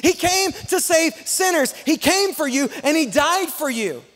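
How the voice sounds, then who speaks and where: A man preaches in a church auditorium. His voice sits very high and swoops animatedly up and down, with emphatic refrains and sudden loud bursts. The sound carries the long reverb of a large hall. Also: expressive, unhurried. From Texas. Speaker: guest pastor. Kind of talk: sermon.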